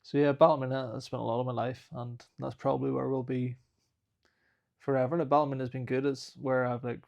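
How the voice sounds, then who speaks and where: A man's voice: medium pitch, flat delivery, brisk, vocal fry, darkish tone, dull audio. A man in his thirties with a Northern Irish accent, a fighter chatting casually as a podcast guest, who admits he sometimes mumbles. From Northern Ireland. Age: 30s. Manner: self-described lazy talker who mumbles at times. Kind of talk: casual interview chat.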